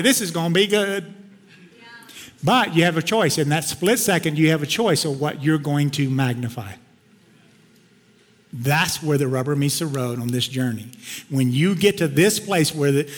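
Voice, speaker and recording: A man preaches a sermon in a conversational, emphatic storytelling manner. His voice sits a bit high for a man. A long reverb trails his words through a church sanctuary. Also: a bit bright. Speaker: pastor.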